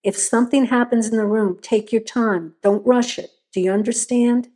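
A woman's voice: on the high side, fairly even intonation, normal speed, warm tone, natural voice. A woman voicing a hard-bitten male sheriff who gives clipped, growled orders. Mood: hushed.

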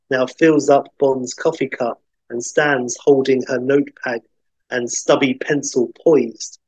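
Man animatedly pitching a spy film. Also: breathy edge, no room sound. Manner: animated retelling with many fillers. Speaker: podcast host pitching a film. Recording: dull, dry recording.

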